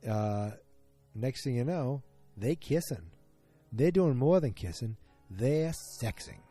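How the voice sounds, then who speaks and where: A man's voice: mid-range voice, warm tone. A man hosting a solo podcast, recapping a show episode in a rambling casual way with many fillers. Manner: rambling, frequent fillers, quick retelling of scenes. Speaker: podcast host.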